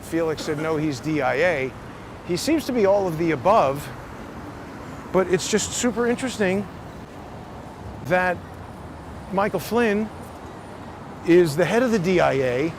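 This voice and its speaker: A man hosting a vlog, talking in a casual, musing way with restarts as he walks outdoors on a city street. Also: fairly high pitch. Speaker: vlog host. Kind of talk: casual walking monologue. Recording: loud street traffic noise.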